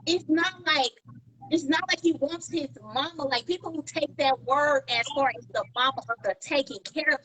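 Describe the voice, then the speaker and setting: A woman co-hosting a podcast in casual chat, telling animated stories and acting out what people said. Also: high-pitched, normal speed, poor audio. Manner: animated storyteller, acts out quoted dialogue. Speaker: podcast co-host.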